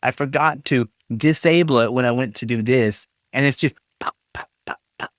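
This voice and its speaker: Reading chat messages out loud and reacting, a man trades jokey, teasing banter with his live-stream viewers. His voice is fairly high and moves at normal speed, with clean studio sound and no echo.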